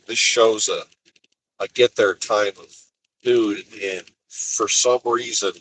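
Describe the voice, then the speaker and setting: A lowish, bright-edged voice from a man talking to the camera while he drives his van. He tells his story in a casual, exasperated way and acts out the people he quotes. A faint hiss runs under the voice. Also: rough recording. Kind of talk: casual driving vlog monologue. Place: inside a cargo van on the highway.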